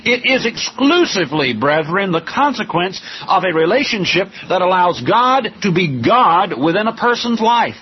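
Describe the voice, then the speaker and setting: A man preaching a sermon slowly and emphatically, with dramatic pauses. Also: high-pitched, animated, husky, muffled recording.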